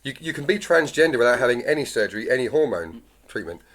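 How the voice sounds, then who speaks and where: A man's voice: medium pitch, fast talker. Man, podcast co-host, persistent, questioning, casual debate. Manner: persistent, questioning, calmly arguing.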